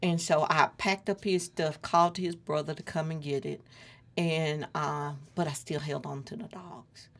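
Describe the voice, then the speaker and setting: A woman's voice: deep voice, steady tone, measured pace, a bit bright. A middle-aged woman earnestly retelling a personal story as an interview guest, acting out the dialogue as she goes.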